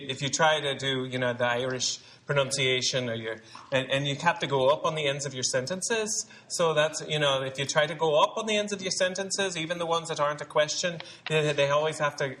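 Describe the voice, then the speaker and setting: A man's voice: medium pitch, bright, forceful tone, rough recording. A man in his forties giving a rambling, chatty dialect lesson to actors at a read-through, laughing often. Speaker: dialect coach. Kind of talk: informal acting lesson talk. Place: theater rehearsal room at a read-through.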